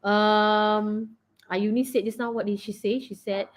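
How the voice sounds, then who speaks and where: A woman's voice: mid-range voice, fairly even intonation, a little slow. A Malaysian woman teaching an online English revision class, encouraging students and often repeating her phrases.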